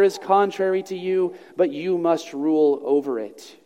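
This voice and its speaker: A man preaching a sermon to his congregation, measured and earnest, slowing down to stress key phrases. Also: fairly high pitch, warm tone. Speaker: pastor. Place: church sanctuary. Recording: long reverb of a large hall.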